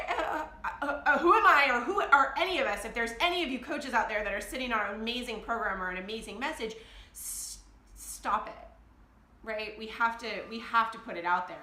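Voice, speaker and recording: A woman's voice: a little high, animated, a little fast, pushed and bright. A woman life coach talking candidly to her device, emotional and blunt, often laughing as she speaks. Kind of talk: candid confessional vlog. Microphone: phone or camera device. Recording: roomy echo.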